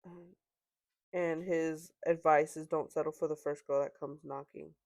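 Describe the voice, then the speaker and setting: A woman's voice: low-pitched, fairly even intonation, unhurried, a little mellow. A woman hosting a podcast, casually reading out online stories and chatting about them, with fillers. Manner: conversational, reads posts aloud with laughs and fillers. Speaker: podcast host.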